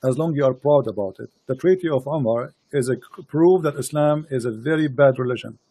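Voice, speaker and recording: A man hosting a heated online debate, insistent and repetitive, speaking halting non-native English into a computer mic. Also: medium pitch, mellow, slightly rough, dry recording. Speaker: host of a live debate stream.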